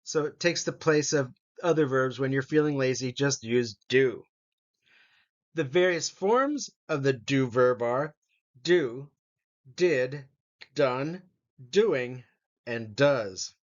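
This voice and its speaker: A man teaching an English grammar lesson, slowly reading out example sentences. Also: medium pitch, animated, lo-fi sound. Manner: slow, deliberate, reads example sentences aloud.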